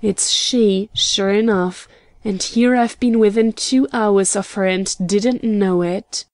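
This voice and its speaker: A woman reading the part of an excitable, earnest young gentleman in a storybook, with slow, mellow delivery. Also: medium pitch, dry recording, clean studio sound. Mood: excited. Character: eager young gentleman traveler.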